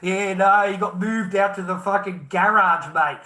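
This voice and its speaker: High, bright-voiced Australian man ranting. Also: measured pace. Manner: profane, heated, scornful, laughs bitterly. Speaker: vlogger. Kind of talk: angry ranting monologue.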